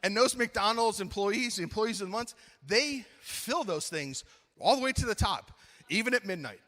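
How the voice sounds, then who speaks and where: A middle-aged man preaching at a youth conference, telling a funny story with lively acted-out dialogue, then slowing into earnest appeals. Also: high voice, in a large hall. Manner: animated, acts out his own story, then slows to earnest appeals. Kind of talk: storytelling sermon.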